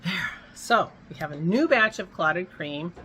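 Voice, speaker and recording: A woman's voice: fairly low pitch, expressive, measured pace, sharp tone, slight background noise, low-quality recording. A woman hosting a casual home vlog, chatting in a rambling way and breaking off mid-thought, with hiccups. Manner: rambling, chatty, self-interrupting. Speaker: vlog host.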